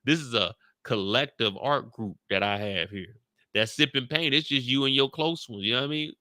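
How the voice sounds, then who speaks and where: A man's voice: medium pitch, normal speed, sharp tone, dry recording. A man hosting his show, chatting loosely in slang and repeating his points. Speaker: YouTube show host. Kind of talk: casual recap chat.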